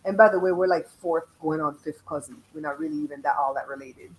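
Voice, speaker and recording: A woman's voice: low voice, fast, poor audio. A middle-aged woman from Belize with a Belizean accent, hosting a casual live stream and talking straight to viewers in the chat. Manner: chatty, blunt, talks to viewers in chat.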